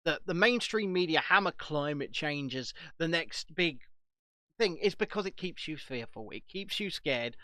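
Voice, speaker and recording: High-voiced British man, chatty co-host. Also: moderate pace, no echo. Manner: animated, laughs at own stories. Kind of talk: casual chat.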